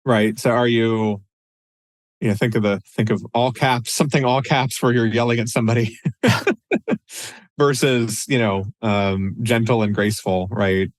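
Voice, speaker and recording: A man's voice: mid-range voice, measured pace, no echo. A man co-hosting a podcast in a casual, conversational way, with frequent restarts and fillers. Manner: conversational, many restarts and "you know"s. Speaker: podcast co-host.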